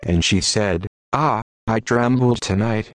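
Low, fervent male preacher, dry sound. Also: slow, no echo. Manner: fervent, solemn and rhetorical. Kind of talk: old-style sermon reading.

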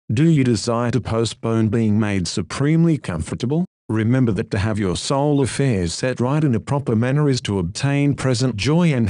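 A man delivers a sermon in a solemn, earnest and measured voice. His pitch sits in the middle for a man. The recording is dry, with no room echo. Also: darkish tone. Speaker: preacher. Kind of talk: read sermon.

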